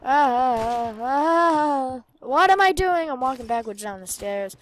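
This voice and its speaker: A young woman giving casual commentary while playing a shooter game, excitable and often muttering to herself. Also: sits high, a little slow, slight background noise. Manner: excitable, swears mildly, trails off into mumbling. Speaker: gamer. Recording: faint game gunfire behind.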